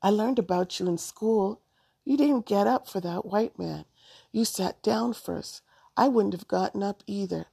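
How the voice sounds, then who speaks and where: A woman voicing an eager, outspoken young schoolgirl in a storybook reading, firing off quick questions. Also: mid-range voice, vocal fry, warm tone, husky, no echo, clean studio sound. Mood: excited.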